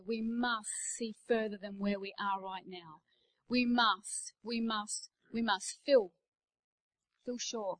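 Middle-aged Australian woman, guest preacher, emphatic storytelling sermon, slightly high voice. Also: poor audio. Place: church.

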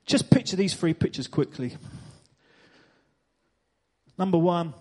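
A man preaching from a church stage, his voice sitting notably high for a man. He drives his points home by repeating phrases and pressing the congregation with rhetorical questions. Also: lively intonation, slow pace, warm tone. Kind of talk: sermon.

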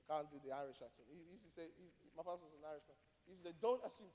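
A man's voice: high-pitched, rapid-fire, few pauses, long reverb tail. A male pastor preaching a sermon, emphatic and direct, repeating key phrases and asking rhetorical questions.

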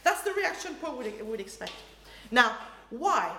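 Lively woman preaching in an echoey hall. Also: high voice, measured pace. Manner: lively, animated, acts out quoted reactions, laughs often. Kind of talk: sermon. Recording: roomy hall echo, faint ambience.

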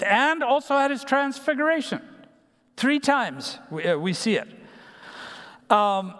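A man preaching a numbered sermon, pausing with fillers and restarting phrases. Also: high voice, sing-song, a bit bright. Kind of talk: sermon teaching. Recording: long hall reverb.

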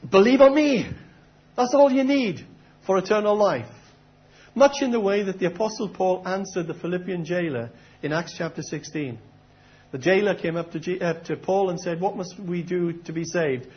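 A middle-aged man preaches to his congregation in an earnest, questioning, conversational manner. His voice sits a little high for a man, and the recording is dull and lo-fi. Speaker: pastor. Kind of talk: sermon.

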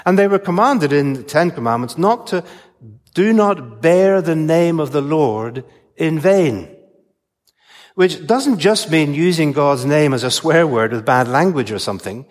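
An older man preaching a sermon to his congregation, explaining scripture in a measured way with emphatic stresses. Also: fairly high pitch, lively intonation, big-room sound.

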